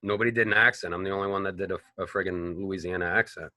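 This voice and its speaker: An actor from Boston tells rambling, profane stories as a guest in a casual interview, animated throughout. His low voice moves at a quick pace, with no echo.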